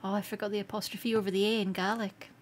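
A Scottish woman streaming live, chatting casually with viewers, excitable and quick to laugh. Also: medium pitch. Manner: excitable and giggly, laughs often. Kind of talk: casual livestream chat.

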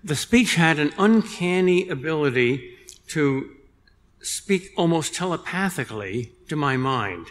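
A man's voice: fairly high pitch, a bit bright. Older man lecturing in an echoing hall. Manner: measured storytelling with dry humor. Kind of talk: public lecture. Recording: long reverb in a large hall.

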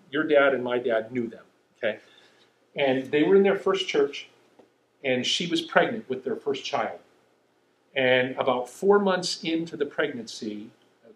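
A man preaching a sermon in a conversational way, often checking in with "okay?". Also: medium pitch. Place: church sanctuary. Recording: echoey room.

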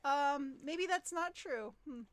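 A middle-aged woman co-hosting a casual movie chat, chatty and quick to laugh in a fast back-and-forth. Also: high voice, no room sound. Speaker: podcast co-host.

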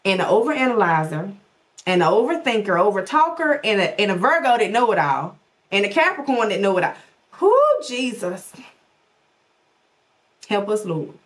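Woman host, casual direct-to-viewer commentary; animated, folksy, big pitch swoops. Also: brisk. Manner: animated, folksy, talks straight to her audience. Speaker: podcast host.

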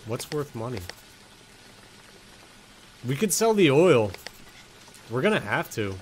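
A man's voice: medium pitch, big pitch swings, slow pace, darkish tone, slight background noise. Young man casually narrating a game. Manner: joking, talks to the game characters, swears. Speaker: gaming streamer.

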